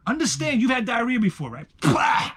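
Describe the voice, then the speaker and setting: A man with a New York accent telling stories in casual chat, profane and emphatic, swinging from loud bursts to hushed asides. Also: a little high, animated, moderate pace, breathy edge.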